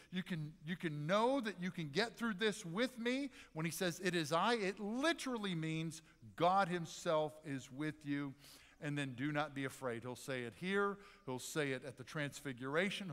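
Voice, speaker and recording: A man preaching a sermon as pastor, animated and conversational, with dramatic pauses. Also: on the high side, big-room sound. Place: church sanctuary.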